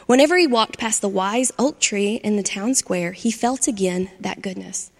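A woman narrating a children's storybook aloud in an expressive, measured way. Her voice has a gravelly texture, and a long reverb trails behind her words as if she reads in a hall. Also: mid-range voice.

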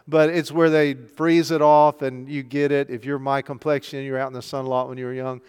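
A man's voice: mid-range voice, flat delivery, fairly quick, a little mellow, smooth. An older man, a pastor, preaching a chatty sermon full of rhetorical questions. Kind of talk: conversational sermon. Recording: long hall reverb.

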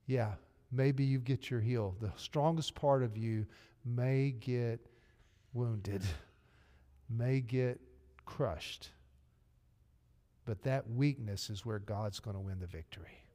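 This Arkansas pastor speaks slowly, his medium-pitched voice dark in tone, as he delivers an earnest, direct sermon in a Southern US accent. The church sanctuary gives a long hall reverb, with faint music behind him.

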